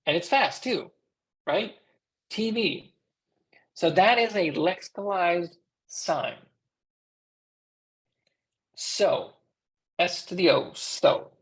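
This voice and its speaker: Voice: medium pitch, takes it slowly, long pauses. An interpreter with an American accent voicing a sign language instructor in a class lecture, in a conversational teaching manner with rhetorical questions to the class.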